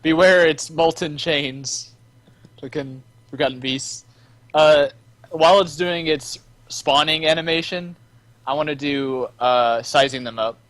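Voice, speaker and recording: A man's voice: fairly high pitch, measured pace, a bit bright. A man playing in a tabletop game, chatting casually and jokingly with gamer slang. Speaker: player.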